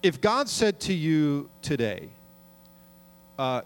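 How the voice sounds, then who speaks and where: Earnest and conversational, this pastor delivers his sermon in an animated, mid-range voice. He frequently asks the congregation questions, and his pace eases whenever he reads from scripture.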